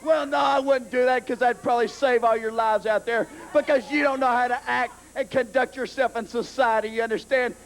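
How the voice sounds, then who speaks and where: A man's voice: very high-pitched, steady tone, brisk, hardly any pauses. A young man, cutting an arrogant, sneering wrestling promo. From Southern US.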